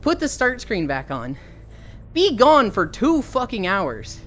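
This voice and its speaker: A woman's voice: mid-range voice, huge pitch swings, takes it slowly, slight background noise. A young woman livestreaming while walking, telling stories animatedly, swearing freely and reading chat aloud.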